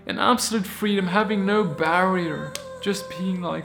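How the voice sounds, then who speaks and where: Earnest man preaching over soft music. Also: sits high, unhurried, gravelly, few pauses. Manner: earnest, emphatic, many restarts. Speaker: Bible teacher. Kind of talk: informal sermon video.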